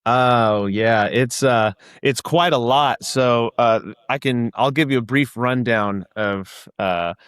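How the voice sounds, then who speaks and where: A man's voice: medium pitch, slow pace, hardly any pauses, fairly bright tone, clean tone, no echo. A young man in his twenties, a podcast guest chatting casually and rambling with many restarts. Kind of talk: casual chat.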